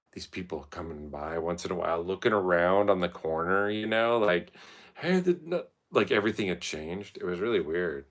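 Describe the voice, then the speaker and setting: A man's voice: sits low, a bit bright. A man telling rambling, profane, stream-of-consciousness stories in a casual monologue.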